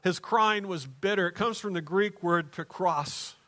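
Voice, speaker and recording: A pastor preaching a sermon in church, moving between hushed, slow passages and raised, emphatic ones. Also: male voice, high voice.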